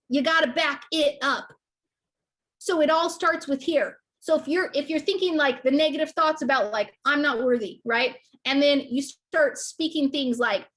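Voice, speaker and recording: High-pitched woman coach, bright voice, super passionate and emphatic. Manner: passionate, emphatic, repeats "okay?". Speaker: business coach. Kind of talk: motivational talk to camera.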